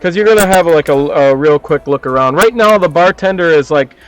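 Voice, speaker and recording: A man running a tabletop game as game master, describing scenes in a loose, casual way with lots of fillers. His voice sits a little high for a man. Faint music plays in the background. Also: expressive, fairly quick, dry recording, poor audio.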